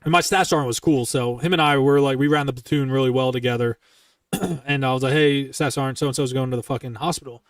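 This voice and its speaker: A young man telling military stories in casual, profane style, bluntly and with lively quoted dialogue. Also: medium pitch, fast, no echo, clean studio sound, distant mic. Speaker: streamer recounting military stories.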